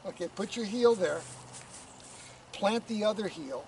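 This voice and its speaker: A man coaching a student through riding posture stretches with calm, step-by-step directions. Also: sits high, unhurried, pauses often, slightly rough. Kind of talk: instructional coaching. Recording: distant mic, noisy outdoor background.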